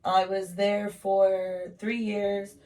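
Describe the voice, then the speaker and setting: A woman's voice: medium pitch, level tone, very slow, a little mellow, far from the mic. Twenties woman, chatty storyteller who swears casually, recorded a little off-mic. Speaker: podcast host telling her story. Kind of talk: casual podcast chat.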